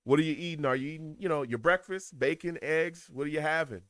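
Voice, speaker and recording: A live game reaction streamer from New York, judging by his accent, talks over a football game casually and animatedly, often laughing and reading chat aloud. He has a fairly high-pitched voice and talks fast, with no echo.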